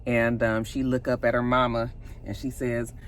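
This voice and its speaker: A woman's voice: rumbling low, flat delivery, moderate pace, slight background noise. A woman, casually retelling a TV episode and acting out the characters' lines. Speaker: TV show recapper.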